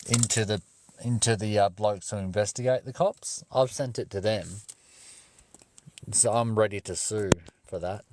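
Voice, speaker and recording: A man's voice: lowish voice, dry recording. Swearing young man telling a story. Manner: profane, animated storyteller. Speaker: livestreamer. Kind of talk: casual storytelling on a livestream. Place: parked car.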